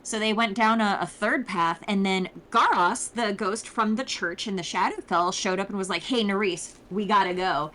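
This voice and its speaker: A woman's voice: medium pitch, normal speed, few pauses, pushed and bright. A woman casually recapping a tabletop campaign in a rambling, informal way.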